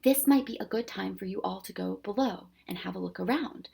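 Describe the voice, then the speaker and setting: A woman voicing a cheerful, joke-loving old male professor who coaxes and exclaims loudly. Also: mid-range voice, brisk, gravelly, breathy edge. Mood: soothing. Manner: jovial, coaxing, loud exclamations.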